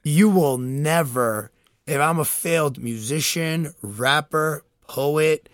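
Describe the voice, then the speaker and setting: A man's voice: fairly high pitch, slow, no room sound, clean studio sound. A young man in casual chat, telling a story animatedly with lots of fillers and laughter. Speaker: podcast co-host.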